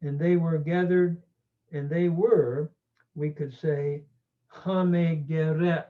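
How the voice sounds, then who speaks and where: A man teaching a grammar lesson slowly and deliberately, with frequent pauses and fillers. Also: fairly high pitch, fairly even intonation. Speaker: Greek teacher. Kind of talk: grammar lecture. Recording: tinny phone-like audio.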